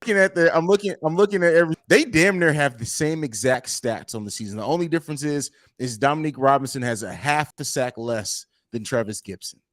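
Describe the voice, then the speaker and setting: A man's voice: a little high, quick pace, few pauses. A man co-hosting a sports podcast, making his case in casual debate and backing his points with stats. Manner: argumentative, builds points with stats, repeats phrases.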